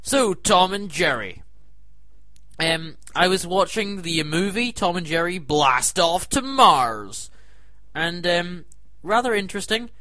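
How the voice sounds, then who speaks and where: A man with a high, bright, sharp-edged voice rants with comic disbelief as host of his own segment. His voice is recorded dry and close, with no room sound around it. He keeps bursting into loud, incredulous protests. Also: animated, slow pace, no echo. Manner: exasperated, incredulous ranting with sudden loud outbursts. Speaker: comedy show host. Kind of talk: comic rant to camera.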